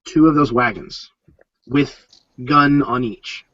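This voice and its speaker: A man narrating as game master of a tabletop game, explaining with many pauses and ums. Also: medium pitch, a crowd in the background. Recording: dull lo-fi sound.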